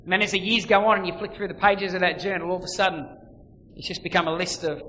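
A man preaching a sermon, swinging between loud emphasis and quiet, intimate lines. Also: high voice, little pitch movement, fast talker, slight background noise. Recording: long reverb, faint ambience.

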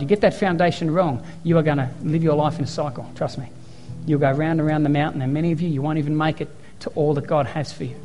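A pastor delivers his sermon in a slightly high voice, acting out quoted lines and driving points home by repeating them. Soft music plays faintly behind him. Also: in a large hall. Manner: storytelling, emphatic repetition, acts out quotes.

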